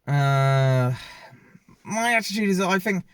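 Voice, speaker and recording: A man's voice: sits high, animated, a little slow, clean tone, no room sound. A man giving a casual, opinionated film review, rambling and often correcting himself mid-sentence as he films himself. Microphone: self-filmed camera.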